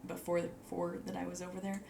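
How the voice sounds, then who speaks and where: Rambling woman, high gushing over cute things. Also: monotone, fast talker, creaky, very noisy. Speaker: vlogger. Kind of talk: casual show-and-tell chat.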